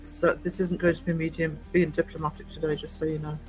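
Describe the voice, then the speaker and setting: A man's voice: a little high, level tone, brisk, faint music behind, poor audio. A man hosting a casual live stream, chatting and greeting viewers by name, with a cough now and then.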